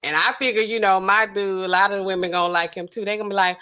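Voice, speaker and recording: Animated woman telling a story casually. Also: medium pitch, quick pace, clean tone. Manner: animated, acts out dialogue with voices. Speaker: livestream host.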